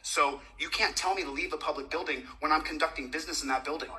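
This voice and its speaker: An agitated citizen journalist argues fast and demands answers, lecturing without letting up. The voice is sharp and bright and sits some way off the camera mic in an indoor public building, so it sounds distant. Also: mid-range voice. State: agitated, shaking. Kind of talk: heated confrontation. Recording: voice caught from a distance.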